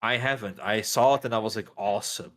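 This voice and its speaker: A man's voice: fairly low pitch, quick pace, fairly bright tone. A man co-playing on a game stream, trading dry, sarcastic quips in casual chat.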